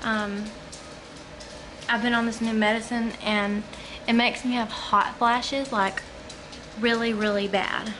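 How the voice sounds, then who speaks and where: A woman's voice: on the high side, little pitch movement, slow pace, pauses often, background noise. A woman vlogging at home, out of breath and chatting in a rambling way with many ums and likes. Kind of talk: casual talk to camera. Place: at home, living room or kitchen.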